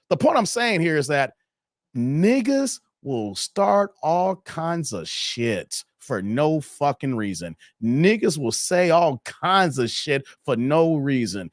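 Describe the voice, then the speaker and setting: Animated man telling a rant. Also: a little high, unhurried, no echo, clean studio sound. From Chicago, USA. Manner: animated, profane, talks straight to viewers. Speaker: YouTube commentator. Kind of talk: casual storytelling rant.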